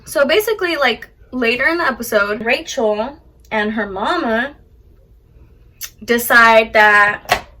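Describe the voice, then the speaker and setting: A woman chatting casually while doing her makeup, retelling a reality show with lively acted quotes. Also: on the high side, takes it slowly, long pauses. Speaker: beauty vlogger. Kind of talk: casual get-ready-with-me chat.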